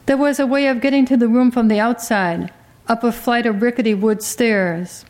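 A woman reading a literary story aloud as an audiobook narrator, in a measured, quietly dramatic way. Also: fairly high pitch, fairly even intonation.

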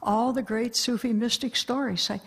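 A woman's voice: on the high side, steady tone, moderate pace, breathy edge. A woman, a religious sister, answering audience questions at a talk in a forthright, emphatic way.

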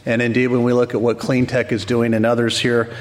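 Upbeat mayor welcoming a conference. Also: male voice, mid-range voice, monotone, fairly quick. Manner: upbeat, joking asides, frequent restarts. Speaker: mayor giving welcome remarks. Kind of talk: conference speech.

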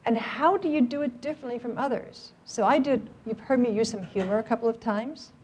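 A woman's voice: on the high side, a little fast, darkish tone, husky. A middle-aged woman training a live audience, upbeat and joking as she coaxes them to speak up. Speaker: workplace trainer on cancer outreach.

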